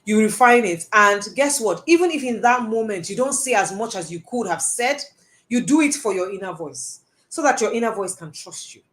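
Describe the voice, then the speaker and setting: A woman's voice: medium pitch, expressive, moderate pace, fairly bright tone. A woman giving a live talk, answering audience questions in an earnest, emphatic way and repeating phrases for stress. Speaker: personal development speaker.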